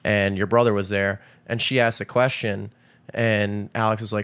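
A man's voice: fairly low pitch, moderate pace, clean tone. A man from Maryland co-hosting a podcast, telling stories in casual chat and dropping "dude" and "like" often. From Maryland, USA. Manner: animated storyteller, says "dude" and "like" often. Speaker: podcast co-host.

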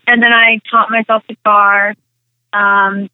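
A woman's voice: mid-range voice, slow, clean tone, no echo. A young woman guest in a casual interview, rambling with lots of "like" and "um" as she tells stories. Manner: rambling, full of "like" and "um", animated retelling. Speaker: interview guest, actress and singer. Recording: tinny phone-like line.

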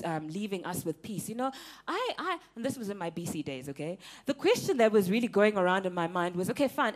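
A young woman preaching a sermon, animated and emphatic, laughing often and repeating words for effect. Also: high-pitched.

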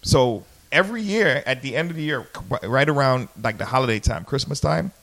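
A man's voice: mid-range voice, animated, fairly quick, gravelly, fairly bright tone. A man from Trinidad telling stories in a laid-back casual chat, often asking "right?" in a basement. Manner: laid-back storytelling, says "bruh" and "right?". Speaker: podcast guest.

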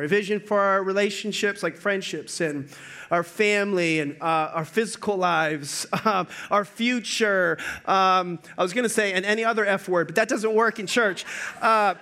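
High, bright-voiced joking male pastor. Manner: joking, storytelling, energetic. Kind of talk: sermon.

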